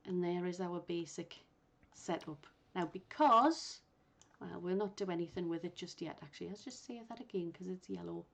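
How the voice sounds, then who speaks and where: A woman instructor guiding learners step by step through a software tutorial, thinking aloud as she works. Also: fairly low pitch, normal speed, gravelly. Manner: patient, thinks aloud while working. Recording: muffled lo-fi recording.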